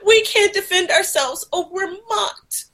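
A woman speaking through tears in a halting, emotional way, in a video clip. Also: very high-pitched. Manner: halting, emotional, soft-spoken. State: tearful, crying.

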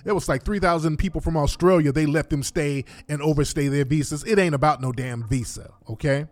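A man giving blunt, animated commentary to his livestream audience, repeating himself often. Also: a little high, a little fast.

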